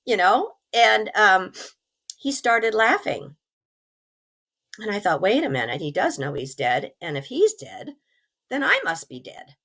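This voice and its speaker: A middle-aged woman, hoarse from recovering from pneumonia, telling a personal story as an interview guest in an earnest, animated way. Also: fairly high pitch, slow, long pauses.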